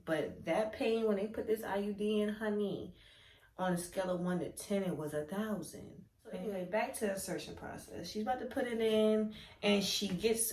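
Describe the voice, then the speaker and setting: A young woman, telling a candid storytime vlog and acting out quoted lines. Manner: animated and candid, acts out quoted lines with big pitch jumps. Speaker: vlogger. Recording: echoey room.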